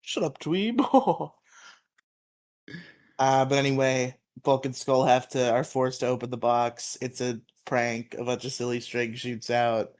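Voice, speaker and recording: A man in the middle of a casual podcast recap, his voice sitting at an ordinary middle pitch. He talks loosely, laughs a lot and breaks into hummed theme tunes between plot points. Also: completely flat delivery, moderate pace, few pauses, clear, resonant tone. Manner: laughs often, hums theme tunes, chatty. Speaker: podcast co-host.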